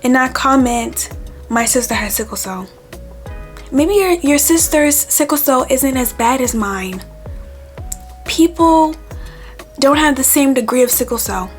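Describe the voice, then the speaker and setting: A woman talking on her vlog, telling a story with lively quoted back-and-forth. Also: high-pitched, measured pace, faint music behind. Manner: animated, retells arguments with quoted back-and-forth. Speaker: vlogger.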